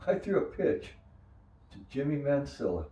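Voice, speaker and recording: A man's voice: mid-range voice, normal speed, slight background noise. Older man, echoey distant storytelling. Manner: animated storyteller who acts out quoted voices. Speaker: former minor league pitcher. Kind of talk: storytelling interview. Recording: echoey room, distant mic.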